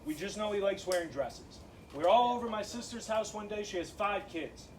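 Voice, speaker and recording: A young man from Massachusetts doing a stand-up set in a comedy club, animated and punchy, with laughing asides. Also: high voice, normal speed, far from the mic, a little hiss or hum, rough recording.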